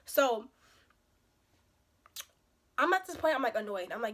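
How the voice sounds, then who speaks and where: A young woman with a slightly hoarse voice from a cold, telling a dating story as a casual storytime vlog with emphatic, animated outbursts. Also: fairly high pitch, a little slow, long pauses, a little hiss or hum. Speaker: vlogger.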